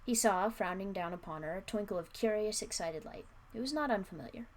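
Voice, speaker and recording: A young adult woman who streams reads one of her old stories aloud in a brisk, mid-range voice. She keeps stopping to toss in wry, self-mocking asides.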